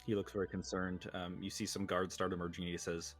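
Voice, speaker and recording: Male game master, very deep voice, hesitant narration, light music bed. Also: flat delivery, quick pace. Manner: hesitant, with frequent ums.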